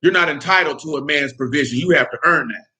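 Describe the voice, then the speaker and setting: A man with a high, bright voice holds forth on his podcast. He speaks bluntly and heatedly, swears freely and keeps checking that his listeners follow him. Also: quick pace. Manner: blunt, heated, profane, keeps asking "you know what I'm saying". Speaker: podcast host. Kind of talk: casual spoken commentary.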